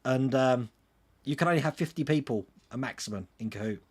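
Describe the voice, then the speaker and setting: A man's voice: medium pitch, a little fast, darkish tone, husky. A man hosting a casual livestream, reading out viewer comments and answering them in a chatty way. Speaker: livestream host answering chat.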